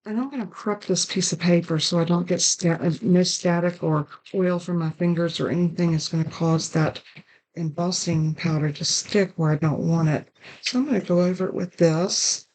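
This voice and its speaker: A woman's voice: fairly low pitch, fairly even intonation, moderate pace, darkish tone, poor audio. A middle-aged woman with a cough, chatting casually as she demonstrates card making step by step. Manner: chatty, apologetic about coughing. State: coughing and sneezing. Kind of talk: casual craft tutorial.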